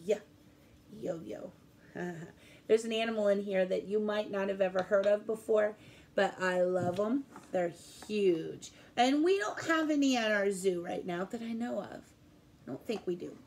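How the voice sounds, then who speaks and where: A woman's voice: medium pitch, a little mellow. A woman preschool teacher giving a remote lesson to young children, talking in a sing-song way and asking them questions.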